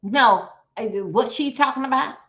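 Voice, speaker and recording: A high, bright-voiced woman runs a casual livestream, calling out to her viewers in a blunt, profane, exclamatory way. Her sharp tone comes through dull, lo-fi stream audio. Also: unhurried. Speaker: livestream host.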